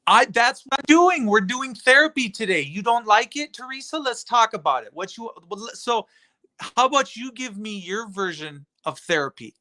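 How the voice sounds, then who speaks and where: A man's voice: very high-pitched, lively intonation, normal speed, bright, forceful tone. A man streaming on his own channel, ranting sarcastically and profanely at someone in his chat. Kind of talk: rambling rant at a chat member.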